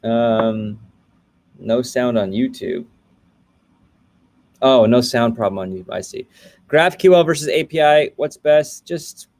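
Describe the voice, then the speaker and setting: A man's voice: on the high side, darkish tone. A man in his thirties hosting a casual livestream, greeting viewers by name and answering programming questions in a loose, chatty way. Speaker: livestream host, coding coach.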